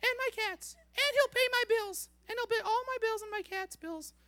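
A man putting on a high falsetto as a giddy, naive young woman gushing over a rich suitor. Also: normal speed, pushed and bright, no echo.

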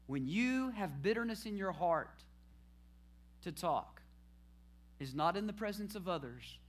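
Bright-voiced male preacher. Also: high-pitched. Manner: call-and-response preaching, rising to shouted praise at the end. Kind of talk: sermon.

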